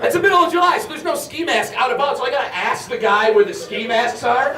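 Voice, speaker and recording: A man performing stand-up with a brash, foul-mouthed storytelling manner. His voice sits high for a man. The sound is roomy and a little distant from the mic. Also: fast talker, crowd noise. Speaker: stand-up comedian. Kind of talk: stand-up comedy set. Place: comedy club stage.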